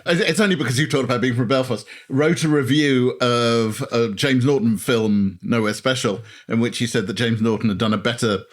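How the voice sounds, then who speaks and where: A man hosting a podcast interview, putting questions to his guest in a brisk, wry manner. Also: medium pitch. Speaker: podcast host. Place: indoors over a lunch table.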